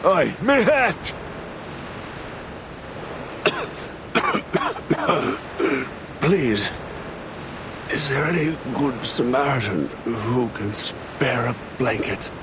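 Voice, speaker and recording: An actor playing a poor, sick man who coughs and slowly begs for a blanket in a game scene. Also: on the high side, very animated, noisy background. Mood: pleading. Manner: pleading, slow and weary. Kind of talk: game voice acting.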